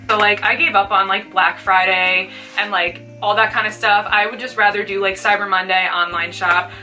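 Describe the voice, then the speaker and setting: A woman's voice: mid-range voice, bright, forceful tone, recorded from a distance. A young woman chatting casually while doing a makeup tutorial, peppering her talk with "like". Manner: chatty, fills speech with "like". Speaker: beauty vlogger.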